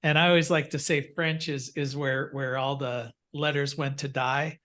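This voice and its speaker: A man's voice: medium pitch, flat delivery, normal speed, fairly bright tone. An older man teaching a class over a video call, telling rambling anecdotes full of fillers and restarts. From United States. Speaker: instructor. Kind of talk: casual classroom storytelling.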